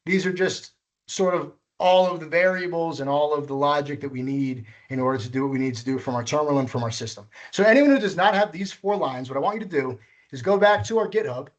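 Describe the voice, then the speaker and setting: Dull audio carries a fast, fairly high male voice leading a live coding workshop. The instructor patiently goes through each step and self-corrects as he works.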